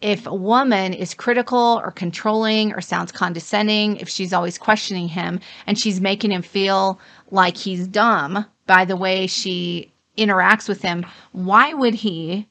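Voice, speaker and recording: A woman's voice: medium pitch, fairly even intonation, measured pace, fairly bright tone. A middle-aged woman co-hosting a casual advice chat, walking through points one by one. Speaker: co-host.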